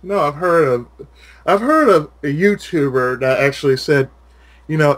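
A man's voice: high voice, measured pace. A man chatting casually with a friend, ranting with lots of swearing. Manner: profane, ranting, animated. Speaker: channel host.

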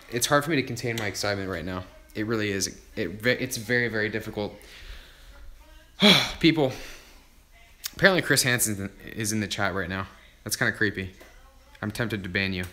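A young man chatting on a livestream while unboxing gifts, hyped and swearing, bursting into loud exclamations. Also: medium pitch, reverberant. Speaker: YouTube creator livestreaming an unboxing. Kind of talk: excited livestream unboxing chat.

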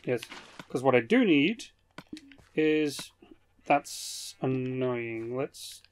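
A man's voice: medium pitch, lively intonation, very slow, smooth. A young British man giving casual, profane, jokey commentary while playing a game. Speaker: gaming YouTuber.

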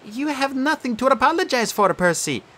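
Soft high ghost girl, calm and sad, husky edge, man doing the voice. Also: moderate pace, exaggerated voice. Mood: gentle sadness.

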